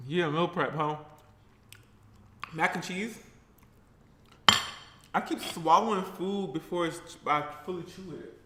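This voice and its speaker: A man's voice: fairly high pitch, takes it slowly, long pauses, echoey room, noisy background. A man chatting playfully and sassily in a casual eating vlog. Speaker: vlogger.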